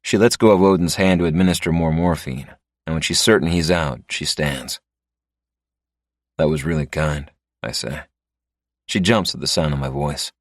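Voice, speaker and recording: A man narrating a first-person story in a low, dry, wry manner. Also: normal speed, no room sound.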